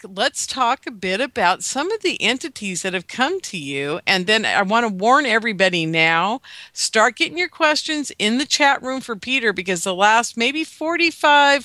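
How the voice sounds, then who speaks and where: A woman hosting a radio interview show, chatty and exclaiming, with a gravelly voice. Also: mid-range voice, bright, forceful tone, dry recording. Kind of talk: casual radio interview chat.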